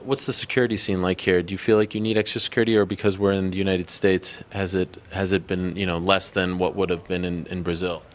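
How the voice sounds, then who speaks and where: A man's voice: low-pitched, little pitch movement, fast talker, hardly any pauses. A male interviewer asking long, stumbling questions full of fillers.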